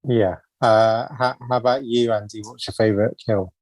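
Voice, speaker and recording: A man's voice: on the low side, steady tone, normal speed, a little mellow. A man co-hosting a film podcast in easygoing, hesitant casual chat, prone to giggling. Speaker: podcast co-host.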